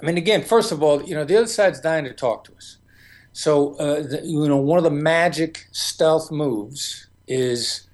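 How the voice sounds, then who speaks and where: A man's voice: a little high, normal speed. A man as an interview guest, explaining negotiation tactics and acting out remembered conversations. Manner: storytelling, acts out quoted exchanges.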